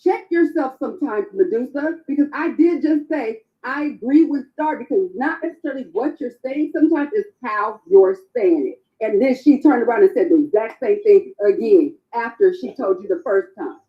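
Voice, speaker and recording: A woman's voice: on the high side, lively intonation, normal speed, few pauses, highs cut off. A woman on a podcast panel angrily scolding another panelist, repeating herself for emphasis. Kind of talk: heated panel argument.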